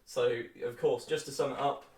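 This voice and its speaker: A man's voice: medium pitch, steady tone, normal speed, a little mellow, distant mic. Flippant young man explaining history, roomy sound. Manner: flippant, jokey asides with chuckles. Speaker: history tutor. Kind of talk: casual lecture.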